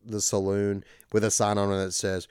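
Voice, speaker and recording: Guy on a podcast going over a movie plot, kinda low voice, dry close mic. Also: monotone, normal speed, darkish tone, smooth, dry recording. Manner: loose rambling retelling. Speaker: podcast co-host. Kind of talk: casual chat.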